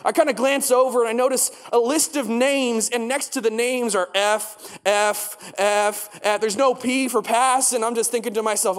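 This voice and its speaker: A man's voice: very high voice, steady tone, moderate pace, few pauses. A young man preaching a sermon, telling a story in a conversational way and asking the congregation questions. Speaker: pastor. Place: church. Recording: long church hall reverb.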